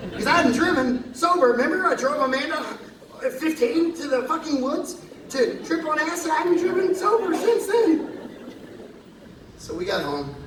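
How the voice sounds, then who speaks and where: A male singer with a very high voice tells a profane, animated story between songs on a concert stage, speaking at normal speed. The recording is distant, echoey and captured in a live hall with background noise.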